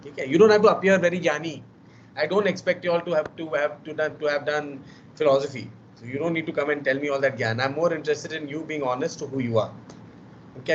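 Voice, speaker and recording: Tired Indian man lecturing on a video call. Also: a little high. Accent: Indian English. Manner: chatty, teasing, mixes Hindi into English. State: tired, voice worn. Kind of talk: online class lecture. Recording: muffled video call audio with faint noise.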